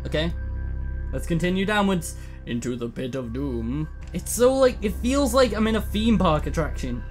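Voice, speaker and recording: Gamer man, high voice, jumpy horror commentary, curses and repeats himself. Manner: nervous, swearing, repeats words in panic. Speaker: let's play gamer.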